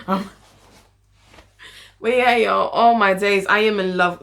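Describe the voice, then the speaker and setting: A young woman chatting casually as a vlogger, playful and excitable, slipping into sing-song. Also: mid-range voice, slow pace, gravelly, pauses often. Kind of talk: casual chat.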